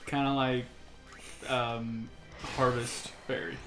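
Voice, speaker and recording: A man's voice: mid-range voice, flat delivery, takes it slowly. A young man casually chiming in and joking while a friend plays a game. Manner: joking, chimes in. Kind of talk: casual gameplay commentary. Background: game music.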